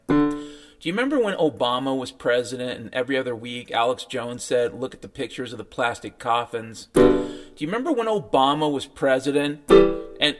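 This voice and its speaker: A man ranting in a sardonic, profane monologue as a podcast host, mocking what others tell him. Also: mid-range voice. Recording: faint piano music behind.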